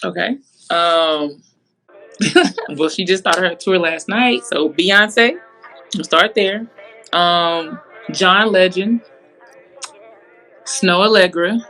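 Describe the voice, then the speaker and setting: A woman basketball coach from Atlanta answers a podcast host with a bright, clear tone. She keeps her replies relaxed and casual. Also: on the low side, slow pace, pauses often, soft background music, rough recording. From Atlanta, Georgia, USA. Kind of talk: casual interview chat.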